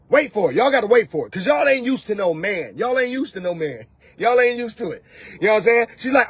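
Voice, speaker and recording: Male host, husky and high-pitched, dry sound, loud mocking delivery with soft mimicry. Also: expressive, quick pace, dry recording. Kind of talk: animated rant to camera. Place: lives in Atlanta.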